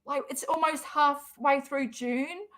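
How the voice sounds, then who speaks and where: A woman's voice: sits high, steady tone, takes it slowly, fairly bright tone. A young adult woman, chatting casually on a livestream, rambling, swearing often and laughing a lot. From Western Australia. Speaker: livestream host.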